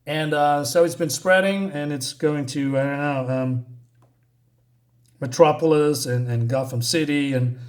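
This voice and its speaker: A man's voice: on the high side, fairly even intonation, a little slow. A man giving a casual spoken comic book review, rambling and ranting with lots of fillers and restarts.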